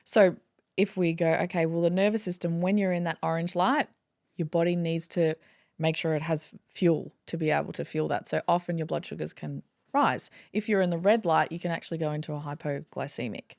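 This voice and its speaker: A woman chiropractor talking in a casual interview, animated and acting out her own inner dialogue. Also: sits low, fairly quick, creaky, dry recording, clean studio sound. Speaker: guest, chiropractor.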